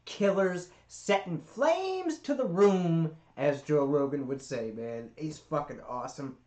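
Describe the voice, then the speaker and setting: A man's voice: on the high side, expressive, takes it slowly, darkish tone, roomy sound. A man hosting a reaction video, talking in a laid-back, hyped way and swearing freely. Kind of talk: casual reaction chat.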